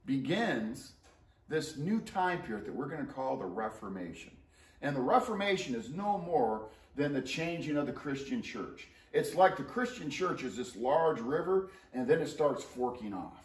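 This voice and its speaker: A man teaching a casual co-taught history lesson, animated and joking with playful asides. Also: mid-range voice. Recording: roomy sound, mic at a distance.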